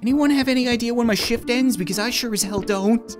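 A man's voice: very high-pitched, fairly quick. Sarcastic, jumpy man playing a horror game. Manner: sarcastic, jumpy, self-deprecating. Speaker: gaming YouTuber. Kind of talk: horror game let's play commentary. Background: game music.

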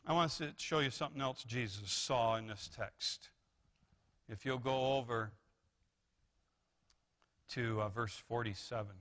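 A male pastor preaching a sermon in a church, animated, swinging from low, quiet asides to sudden loud, high exclamations, with repeated restarts. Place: church sanctuary.

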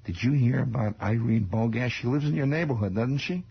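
A man voicing a schoolboy who passes on gossip in a hushed, conspiratorial tone. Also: mid-range voice, a little fast, gravelly, slightly rough. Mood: sly. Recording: dull old radio broadcast.

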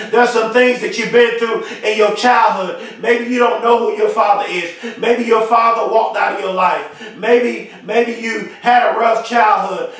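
A man with a high voice delivers a motivational speech, driving home short affirmations in emphatic, shouted bursts. His voice rings through heavy echo and sounds set back from the microphone. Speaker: motivational speaker. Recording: very echoey, far from the mic.

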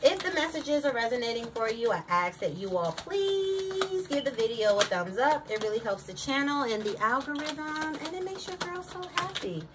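A woman's voice: high voice, sing-song, normal speed, hardly any pauses. A woman giving a casual tarot reading, sassy and slangy, talking straight to her viewers. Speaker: tarot reader. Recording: distant mic with clear background noise.

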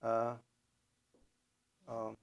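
A man's voice: mid-range voice, monotone, drawn-out words, vocal fry, lo-fi sound. A man lecturing a class on programming as he codes live, with a Persian accent, thinking aloud and correcting himself as he goes. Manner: thinks aloud while coding, with fillers and self-corrections.

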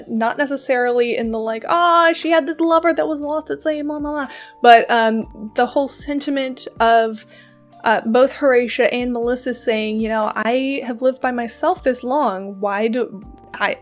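Woman, fairly high voice, casual book chat, lots of "like" and restarts, faint music underneath. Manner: chatty, with many fillers and self-corrections. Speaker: host of a book reading channel. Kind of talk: casual spoken literary discussion.

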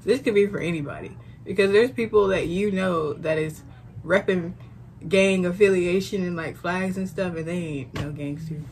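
Low-voiced woman explaining song lyrics. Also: moderate pace, darkish tone, a little hiss or hum. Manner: explains lyrics with many likes, laughs easily. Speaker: reaction video co-host. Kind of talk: casual chat.

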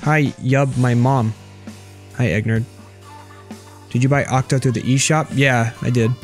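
A man's voice: mid-range voice, fairly even intonation, a little slow, over music. A young man streaming a video game, chatting casually and sarcastically with viewers as he plays. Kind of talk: casual gameplay commentary reading chat.

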